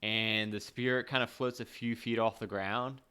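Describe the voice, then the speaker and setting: A game master narrating a tabletop game in a relaxed, halting way, with fillers and laughs. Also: mid-range voice, clear, resonant tone.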